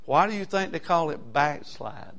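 High-voiced preacher man. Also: expressive, moderate pace. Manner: fervent, folksy preaching that swings from quiet asides to loud hollering. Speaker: pastor. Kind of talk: sermon.

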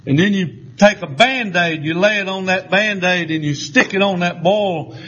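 A man's voice: sits high, normal speed, sharp tone, breathy edge, dull audio. A man with a Southern US accent preaching a folksy sermon, telling homespun stories with a drawl and chuckles.

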